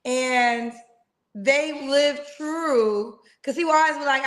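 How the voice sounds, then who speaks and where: Woman host, high voice, playful slangy chatter on a video call. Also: measured pace, a bit bright. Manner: chatty and playful, uses slang like "child" and "girl". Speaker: host of a live singles dating show. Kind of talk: casual live-stream chat.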